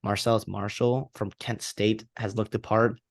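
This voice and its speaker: A man's voice: lowish voice, flat delivery, normal speed, no room sound. A man co-hosting a sports podcast, talking casually and rambling with many restarts and fillers. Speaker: podcast co-host.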